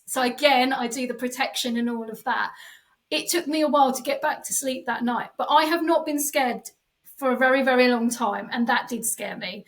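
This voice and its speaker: A woman psychic medium telling a spooky personal story in a casual podcast chat, animated and full of fillers, acting out the voices she quotes. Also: high-pitched, a little fast, distant mic, low-quality recording.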